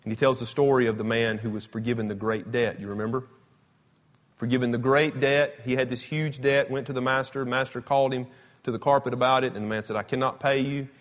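A man's voice: medium pitch, brisk. Conversational preacher man. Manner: conversational, emphatic, retells scripture with animated quotes. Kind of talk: Bible teaching sermon. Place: church or classroom with slides.

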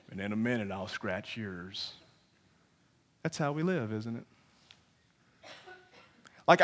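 Animated, high-voiced male pastor preaching. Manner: animated, playful, acts out little voices. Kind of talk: sermon.

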